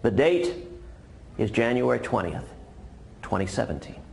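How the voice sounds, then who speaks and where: A man's voice: mid-range voice, expressive, measured pace, creaky, a little mellow. A man, a candidate, delivers a rehearsed holiday message with a punchy, repetitive buildup and a told joke.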